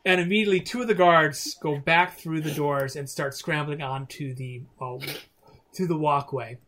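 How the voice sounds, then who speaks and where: Narrating a tabletop game as game master, a man rambles and restarts often. He speaks at a normal speed in a slightly high, fairly bright voice with fairly even intonation.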